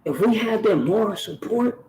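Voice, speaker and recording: A man's voice: high voice, expressive, normal speed, darkish tone, a little hiss or hum, poor audio. A man, talking earnestly to camera on his own channel and repeating phrases for emphasis. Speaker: YouTube channel host. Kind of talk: direct-to-camera talk.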